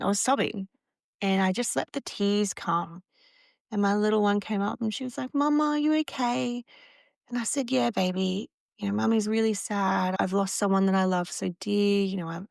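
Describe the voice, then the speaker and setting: A woman, hosting a podcast, gently guiding a breathing exercise and talking candidly about parenting. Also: mid-range voice, vocal fry, no room sound, studio quality. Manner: gentle, soothing and candid, with frequent restarts. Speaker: podcast host. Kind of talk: guided breathing and reflective parenting talk.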